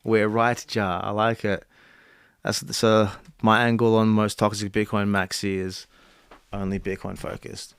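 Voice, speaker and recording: A man's voice: on the low side, monotone, vocal fry, clean tone, no room sound. A young man, reading cards aloud on a casual stream, stumbling and restarting lines between offhand chat. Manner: reads cards aloud haltingly, restarts and chats. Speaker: content creator.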